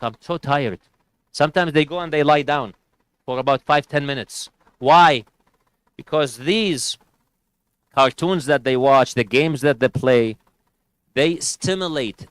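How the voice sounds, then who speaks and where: A man's voice: fairly high pitch, fairly bright tone, no room sound, poor audio. A man giving a sermon at a community gathering, earnestly advising parents and families and mixing in Arabic religious phrases. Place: community centre hall.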